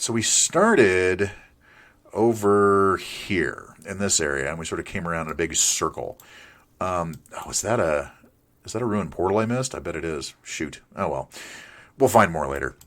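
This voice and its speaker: A man in his forties with a low, deep voice gives relaxed, rambling gameplay commentary. He restarts sentences often and drifts into side thoughts as he plays. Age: 40s. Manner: rambling, chatty, with filler restarts; playful asides to himself. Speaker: let's play host.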